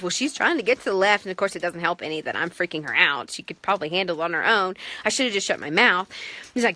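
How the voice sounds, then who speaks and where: A woman and mother telling a family story to the camera in a casual, animated, self-mocking way. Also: medium pitch, fast talker, no echo.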